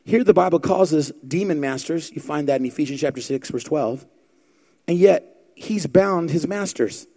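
A man's voice: fairly high pitch, moderate pace, mellow. A middle-aged male pastor preaching a fervent sermon, quoting scripture and firing rhetorical questions at the congregation.

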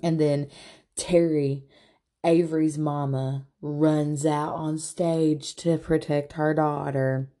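A woman's voice: deep voice, flat delivery, takes it slowly, warm tone. A woman casually recapping a reality show in a blunt, profane, gossipy manner.

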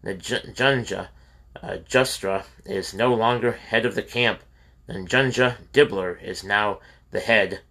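A short-tempered male camp official barks out curt orders, as a man reads him aloud. The voice sits low and lands with a bright, forceful edge. It is a storybook reading of a commanding figure. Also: slow, heavily acted. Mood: stern.

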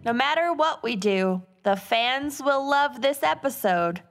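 A woman co-hosting a podcast in easy, joking chat. She talks slowly, with a lively, swinging pitch that sits a little high, and laughs often. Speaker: podcast co-host. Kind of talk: casual chat.

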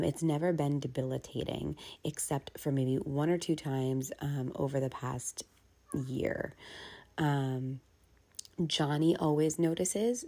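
A woman's voice: sits low, vocal fry, dark tone. A woman in her thirties talking frankly and casually in a personal vlog as a working mother. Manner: frank, confessional, casual with fillers. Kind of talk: candid personal vlog talk.

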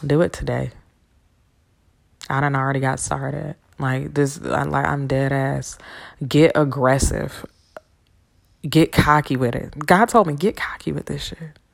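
A woman with a low, gravelly voice talks straight into her podcast mic. She rambles in a loose, casual way, swearing freely while urging her listeners on. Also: steady tone, measured pace, long pauses. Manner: rambling, profane and encouraging. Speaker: podcast host. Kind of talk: casual motivational monologue. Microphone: podcast microphone.

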